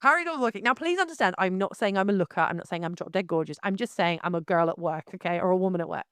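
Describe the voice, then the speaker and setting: A woman wedding photographer telling a story and ranting to camera in a lively, exclaiming way. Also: fairly low pitch, fast talker, clean tone, no room sound, clean studio sound. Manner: animated, exclaiming, laughs through the story. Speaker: wedding photographer, channel host. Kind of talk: casual storytelling and rant to camera.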